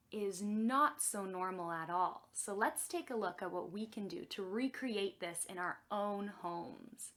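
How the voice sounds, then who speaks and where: In a mid-range voice, a young woman guides kids through a music and magic lesson, staying soft and supportive in a playful, overdone way meant for children.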